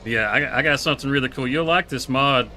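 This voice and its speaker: A man's voice: mid-range voice, a little fast, pushed and bright, a little hiss or hum. Laid-back laughing man. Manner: laid-back, laughing, drawling country talk. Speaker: streamer. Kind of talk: casual live gameplay chat.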